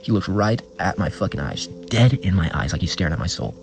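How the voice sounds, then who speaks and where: Deep, gravelly young man telling a story. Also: very animated, a little fast, low-quality recording. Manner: rambling, slangy, swears a lot, heavy use of filler words. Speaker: vlogger. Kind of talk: casual storytime. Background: background music.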